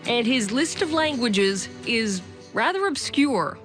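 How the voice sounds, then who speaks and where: A woman reporter reading scripted news narration in a measured, even way. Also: on the high side. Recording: voice-over with background music.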